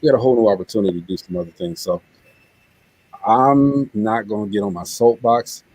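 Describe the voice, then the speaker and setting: A man hosts a live web show and closes it with an earnest, preachy talk, often tripping over and repeating his words. His voice sits low and sounds dark and husky. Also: fairly quick, no echo, poor audio. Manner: emotional. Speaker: show host.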